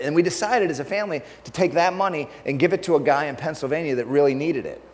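A man preaches in a storytelling style, breaking into laughter as he recounts an anecdote. His voice sits a little high for a man. The sound carries a long reverb from a large hall. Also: fast. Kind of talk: storytelling sermon.

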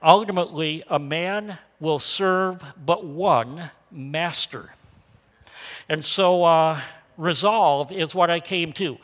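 Older preacher in a reverberant hall. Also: male voice, on the high side. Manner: storytelling, emphatic, swings loud and quiet. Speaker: pastor. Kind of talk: sermon.

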